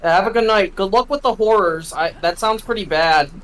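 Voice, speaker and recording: A man's voice: sits high, a little fast, fairly bright tone, poor audio. A man chatting casually with a friend while gaming, swearing often and restarting his sentences. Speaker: co-streamer friend.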